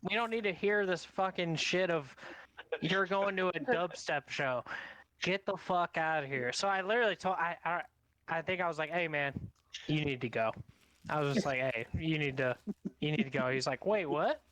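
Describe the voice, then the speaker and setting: A man's voice: on the high side, moderate pace, fairly bright tone, no room sound. A man in a casual sports podcast chat, emphatic and blunt, swearing to drive his points home. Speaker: podcast co-host.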